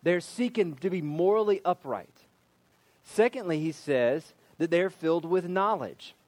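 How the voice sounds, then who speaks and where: A man with a somewhat high voice preaches a sermon, reading scripture and then unpacking it with firm emphasis. The recording is dry and close, with no room echo. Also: expressive, unhurried. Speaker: pastor.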